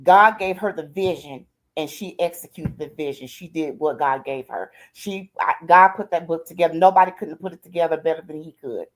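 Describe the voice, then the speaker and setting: A woman's voice: sits low, moderate pace, few pauses. An older woman, a grandmother, telling her life story in a streamed interview, heartfelt and colloquial, often repeating "I said" and "she said". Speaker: guest.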